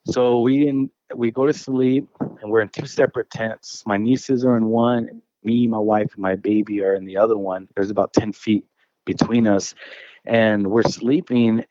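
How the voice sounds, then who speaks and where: As a guest, a man casually recounts a personal encounter, rambling, restarting phrases and repeatedly saying "dude" and "bro." His voice runs low and slightly mellow. The audio is dull and carries no room sound.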